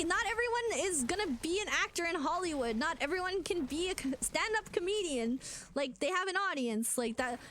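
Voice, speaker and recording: A young adult woman streaming as a VTuber, chatting casually in an animated way with lots of fillers. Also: extremely high pitch, a little hiss or hum. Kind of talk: casual live-stream rant.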